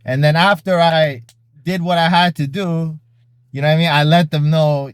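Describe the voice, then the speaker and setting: A man's voice: on the high side, fairly even intonation, moderate pace, clean tone, no echo. Brief: young male vlogger, casual and blunt, rambling monologue, bone-dry recording. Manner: blunt, rambling, leans on "you know". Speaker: vlog host.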